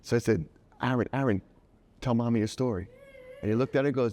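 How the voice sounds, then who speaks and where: Animated storytelling man, middle-aged. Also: medium pitch, fast talker. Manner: animated, acts out quoted voices. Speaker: guest, children's book author. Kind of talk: casual storytelling interview.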